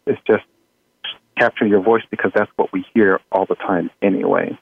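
A man, an audio engineer guest in an interview, talking in a relaxed way with frequent fillers and small laughs. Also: on the low side, normal speed, vocal fry, slightly rough. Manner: relaxed, chuckling, many fillers. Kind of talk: conversational interview. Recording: tinny phone-like line.

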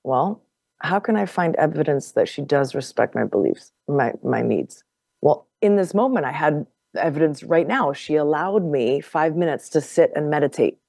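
A woman guest on a podcast telling a personal story in casual conversation. She is animated, laughs often and repeats words as she goes. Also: low-pitched, normal speed, gravelly, dry recording, clean studio sound.

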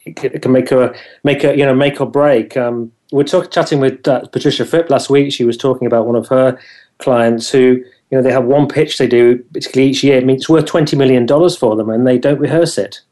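A man's voice: mid-range voice, steady tone, fairly quick, dark tone. A man hosting an interview, asking friendly, encouraging questions with a lot of hesitant fillers. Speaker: podcast host.

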